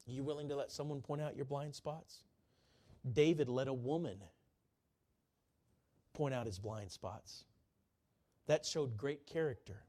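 A man preaching a sermon, fervent, who slows right down to repeat key lines and climbs to high, ringing peaks. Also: dark tone.

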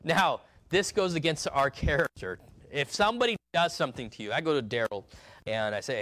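A male pastor preaching a sermon, emphatic, swinging between loud and hushed delivery. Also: medium pitch, very animated, a little fast.

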